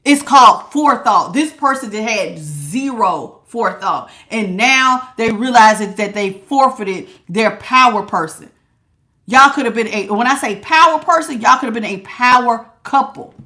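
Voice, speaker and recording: A woman's voice: on the high side, expressive, moderate pace, sharp tone. A woman giving a casual tarot reading, talking in a sassy, emphatic way with lots of slang. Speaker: tarot reader.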